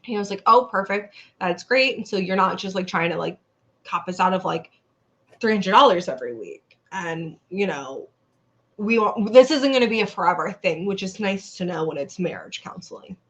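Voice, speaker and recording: A woman's voice: on the low side, animated, normal speed, dull audio. A young woman co-hosting a podcast, casually retelling a story she saw online, acting out the people in it and swearing freely. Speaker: podcast co-host.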